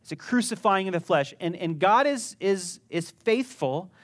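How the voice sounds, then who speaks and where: A man's voice: high-pitched, expressive, normal speed. Man, middle-aged, pastor, sermon, conversational, humorous anecdotes, emphatic swells. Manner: conversational, jokey storytelling with rising emphatic peaks.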